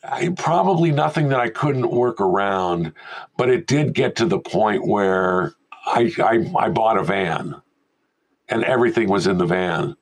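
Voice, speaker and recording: A man's voice: on the low side, measured pace, poor audio. An older man, a veteran film sound mixer, telling stories casually as an interview guest and animatedly acting out the people in them. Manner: animated storyteller who acts out quoted voices.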